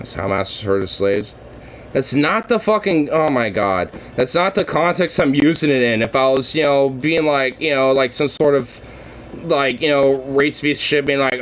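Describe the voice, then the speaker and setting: A man's voice: medium pitch, moderate pace, fairly bright tone, slight background noise, rough recording. Profane, heated streamer man. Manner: profane, heated rambling with many fillers. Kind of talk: casual stream chat.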